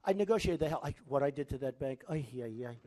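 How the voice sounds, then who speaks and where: Male candidate at a rally; boastful, repetitive, off-the-cuff delivery, lively up-and-down pitch. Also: fast talker. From United States. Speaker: political candidate speaking at a rally. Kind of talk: campaign rally speech. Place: large indoor rally venue.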